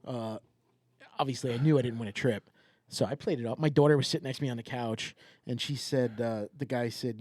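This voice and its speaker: A man's voice: medium pitch, steady tone, brisk, a little mellow, no room sound, clean studio sound. A middle-aged man co-hosting a podcast, chatting casually and telling stories with a joking edge. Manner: jokey storyteller. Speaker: podcast co-host. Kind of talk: casual chat.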